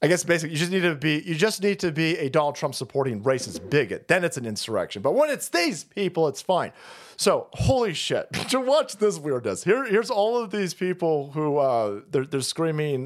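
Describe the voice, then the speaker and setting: A man's voice: a little high, very animated, fairly quick. A man hosting a live stream, ranting in profane, mocking comedic commentary and laughing often.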